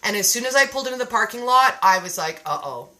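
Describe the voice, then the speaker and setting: A woman hosting a casual live-stream chat, reading viewer comments aloud in an animated way. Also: on the high side, fast talker, low-quality recording. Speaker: live show host. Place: home.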